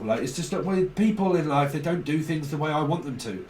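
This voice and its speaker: A man's voice: on the high side, animated, a little fast, a little mellow, echoey room, recorded from a distance, slight background noise, low-quality recording. A man giving a casual tarot reading, rambling and blunt, swearing freely. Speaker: tarot reader.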